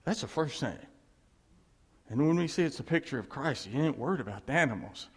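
A man's voice: mid-range voice, animated, a little fast, slightly rough. A man preaching an informal sermon in a folksy way, repeating his points and chuckling between phrases.

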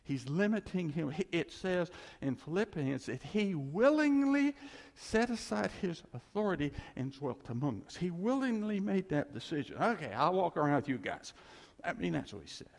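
A man preaching in an animated, conversational way, laughing between his points. His voice sits high and swings widely. A long church reverb trails behind him. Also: normal speed, creaky, few pauses. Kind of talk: sermon.

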